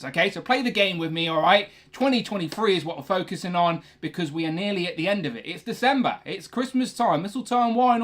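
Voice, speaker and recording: A young man hosting a casual toy collecting livestream from his room, chatty and rambling, often correcting himself. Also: sits high. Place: his own room, indoors.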